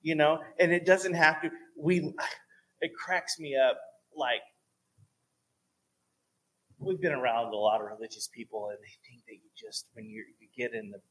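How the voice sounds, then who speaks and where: A man telling lively stories about faith in a casual talk, going soft and low at times for emphasis. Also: normal speed, pauses often, slight background noise. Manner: animated storyteller, drops to a soft voice for emphasis.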